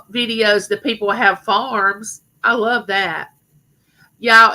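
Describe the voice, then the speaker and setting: A middle-aged woman with a rough voice, rambling chattily to her viewers as host of a live stream. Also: medium pitch, sharp tone, poor audio. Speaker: livestream host. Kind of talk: casual live stream chat.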